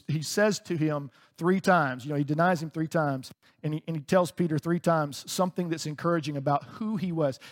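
A high-pitched man preaches in a loose, conversational way, often laughing between his points. His voice carries a long reverb, as if recorded in a large hall. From United States. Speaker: pastor. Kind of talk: sermon.

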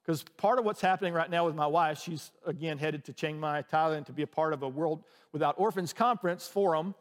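A pastor preaches a sermon in a large hall, telling a personal story conversationally and restarting his sentences often. His voice is on the high side and his pace is brisk.

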